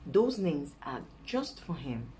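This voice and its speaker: A young Nigerian woman with a Nigerian accent, giving chatty dating advice in a casual vlog and dropping into a soft coaxing voice to act out sweet talk. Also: deep voice, very animated, takes it slowly, slight background noise, rough recording.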